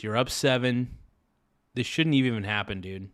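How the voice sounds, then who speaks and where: A man on a live stream chats casually, narrating a play-by-play that's excitable, frustrated, and full of swearing. His voice is medium-pitched and a little slow.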